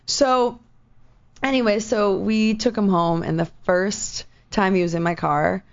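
Raspy, gravelly-voiced woman chatting. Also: medium pitch, steady tone, highs cut off. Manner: chatty, lots of "like", quick asides. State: hoarse today. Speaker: radio show co-host. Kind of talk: casual chat.

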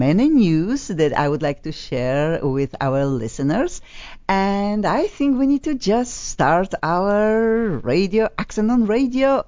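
A woman hosting a radio talk show from a studio, speaking as a with enthusiastic, halting phrasing. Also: lowish voice. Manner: animated, enthusiastic, halting non-native phrasing. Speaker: radio host. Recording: dull lo-fi radio recording.

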